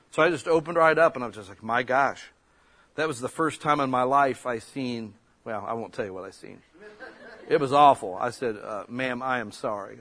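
A man preaches a sermon in a folksy, conversational way. His voice sits a little high, and it jumps now and then into loud, emphatic bursts. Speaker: pastor.

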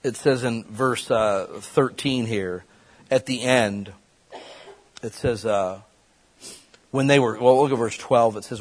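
A man preaching a sermon in a conversational way, breaking into quick acted-out voices. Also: mid-range voice. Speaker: pastor.

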